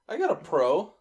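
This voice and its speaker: A man co-hosting a casual movie review podcast, dropping dry, wisecracking jokes. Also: fairly high pitch. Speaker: podcast co-host.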